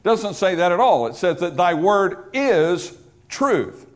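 Speaking slowly in a high, sing-song voice, this male pastor builds his sermon through repeated rhetorical lines and questions. The emphasis mounts until the repetition becomes forceful.

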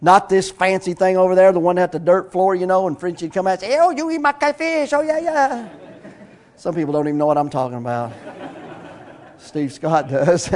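A middle-aged pastor preaches a sermon. His voice sits high for a man. He talks in a folksy, storytelling way that builds into bursts of praise. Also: a little mellow.

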